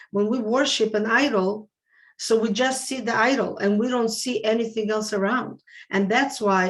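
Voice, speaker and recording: A woman giving a religious class to women, speaking earnestly, repeating words and asking and answering her own questions. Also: mid-range voice. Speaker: rebbetzin teaching a women's class.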